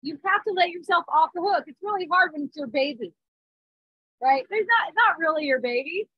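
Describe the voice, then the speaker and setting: A woman in her thirties, a spiritual teacher, gives an earnest talk with an extremely high, expressive voice at a normal pace, making small restarts and checking in with listeners often. It's recorded on a phone or device mic with no room sound, and the highs are cut off.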